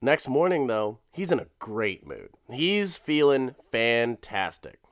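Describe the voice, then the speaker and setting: Recorded at studio quality without echo, this podcast host has a mid-range, very animated voice and speaks slowly. He recaps a comedy episode in a loose, profane way, laughing and acting out characters with put-on voices.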